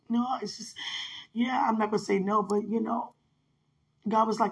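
A woman giving a rambling, emotional, faith-filled spoken message to a minister, full of "you know" and swinging between soft talk and tearful laughing. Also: medium pitch, level tone, normal speed, creaky, husky.

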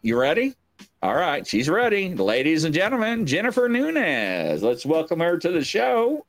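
Pitched a little high, this man's voice swoops wildly as he hosts a live online talk show from home at a moderate pace. Soft background music plays while he chats in a loose, joking, self-deprecating way.

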